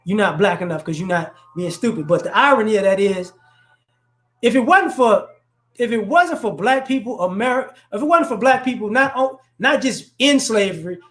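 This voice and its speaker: A man's voice: sits high, animated, moderate pace, fairly bright tone. A man from New Orleans with a faint New Orleans accent, mixed with Chicago and DC area speech, giving his opinions in a loose, casual chat full of restarts. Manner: loose, conversational, frequent restarts and "you know".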